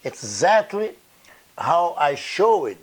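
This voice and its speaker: Slow, halting man lecturing on math. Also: a little high, big pitch swings, husky. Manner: halting, repeats words, checks in with "okay?" and "you see". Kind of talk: blackboard lecture.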